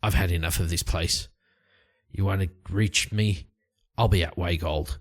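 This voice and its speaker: A man voicing a fed-up adventurer in a low, curt, dismissive voice for a solo tabletop game. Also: steady tone, measured pace.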